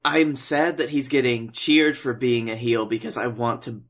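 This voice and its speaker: A man's voice: medium pitch, steady tone, moderate pace, a bit bright. A man co-hosting a podcast in casual chat, rambling with restarts and swearing freely.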